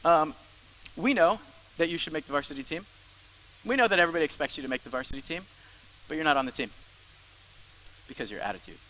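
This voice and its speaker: A young male pastor preaching with a bright, forceful voice that sits a little high. He drives his points home with repeated phrases, then drops suddenly quiet for asides. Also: expressive, fast, pauses often, a little hiss or hum, poor audio. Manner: emphatic, with soft drops into grumbling asides. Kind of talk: sermon.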